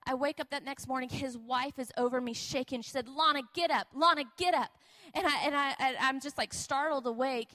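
A woman's voice: high voice, brisk, hardly any pauses. A woman preaching a sermon, telling a personal story and building to emphatic, repetitive exhortation. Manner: animated storytelling, acting out quoted voices, repetitive emphatic preaching.

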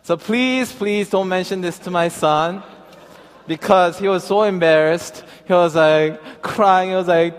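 A man's voice: sits high, a little slow. A man preaching a sermon, telling a personal story and then reading scripture, with a hesitant, filler-heavy way of talking. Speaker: pastor. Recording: long reverb of a large hall.

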